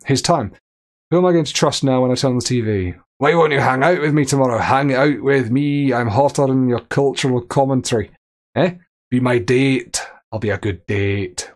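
A man's voice: mid-range voice, darkish tone. Guy streaming a game, cracks jokes, reads out texts and chat, middle-of-the-road voice. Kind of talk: gameplay commentary.

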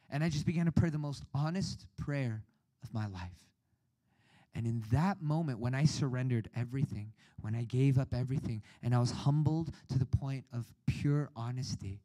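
A young adult man preaching at a retreat, telling a personal story with animated delivery and acted-out quotes. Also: a little high, normal speed, dry recording, rough recording. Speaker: youth retreat speaker. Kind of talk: sermon.

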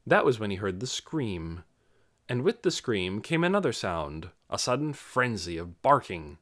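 Man narrating with a lively, expressive delivery. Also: lowish voice, measured pace. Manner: expressive storytelling. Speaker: audiobook narrator. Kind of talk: scripted narration.

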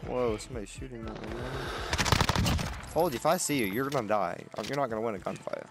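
A man's voice: medium pitch, fast, heavy background noise. A man giving casual gameplay commentary, exasperated and trash-talking. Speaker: gamer commenting on his own play. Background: loud game music and gunfire.

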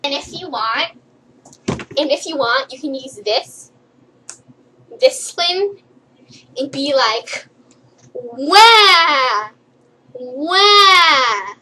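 A woman's voice: high-pitched, animated, takes it slowly, pauses often, bright, forceful tone, low-quality recording. A young woman vlogger rambling playfully and giggling through a silly list. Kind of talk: silly comedic list vlog.

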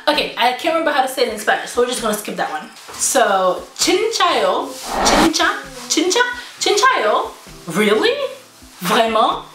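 A woman's voice: fairly high pitch, big pitch swings, fairly quick, background noise. A woman vlogger from the United States, talking casually in a playful, self-mocking way and laughing often as she practices phrases aloud. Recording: roomy room with background music.

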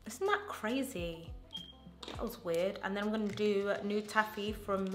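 A woman's voice: medium pitch, unhurried. Gushing, chatty woman vlogger in a roomy space. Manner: gushing, chatty, enthusiastic slang. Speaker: beauty vlogger. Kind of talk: casual get-ready-with-me chat. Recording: roomy echo with faint music.

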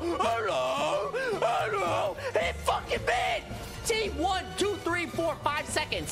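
A man streaming a video game live, trash-talking opponents with loud, profane taunts and catchphrases. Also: sits high. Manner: hyped, profane trash talk. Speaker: gaming streamer. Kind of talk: live gameplay commentary. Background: music.

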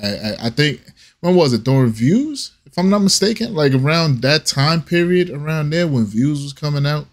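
A man's voice: fairly high pitch, animated, normal speed. A man hosting a reaction video, talking in a casual, rambling way with lots of slang, swearing and stammered restarts.

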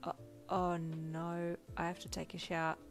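A woman's voice: on the low side, completely flat delivery, unhurried, faint music behind. Flustered polite young woman in a boy's body, forcing a tough front, read by a woman, audiobook fanfic.

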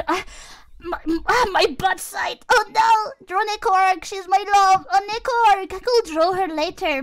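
A woman streaming as a VTuber, chatting casually with viewers in a giggly, exuberant and playfully crude way. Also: very high voice. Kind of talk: casual livestream chat with viewers.

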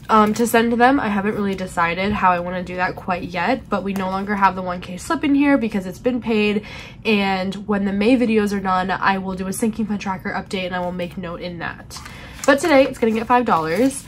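A woman's voice: mid-range voice, slight background noise. A young woman hosting a budgeting vlog, congested from pollen, chatting casually and counting cash aloud with frequent fillers. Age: young adult. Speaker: budgeting channel host.

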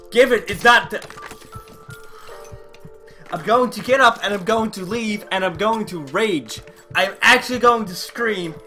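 A man giving raging gameplay commentary, swearing constantly and swinging from shouting to low muttering. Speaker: gaming YouTuber.

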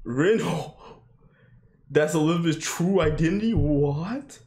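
A young man reacting to an anime episode in casual commentary, swearing a lot, shouting "yo" and "bro" and bursting into high laughing yelps. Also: takes it slowly. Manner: excitable, swearing, frequent "yo" and "bro" exclamations.

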